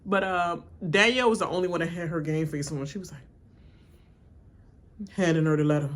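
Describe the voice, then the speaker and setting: A woman's voice: deep voice, fairly even intonation, fairly quick, long pauses, slight background noise. A woman doing a live watch-along of a reality show, laughing often and acting out the cast in exaggerated voices while she rants bluntly. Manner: blunt, ranting commentary. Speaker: reality TV reaction streamer.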